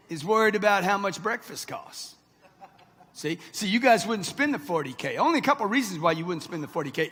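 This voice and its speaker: Husky, high-pitched man in his sixties, brash motivational speaker working a live crowd, long reverb of a big hall. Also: a bit bright. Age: 60s. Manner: brash, punchy, talks straight to the crowd. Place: large hall with live audience.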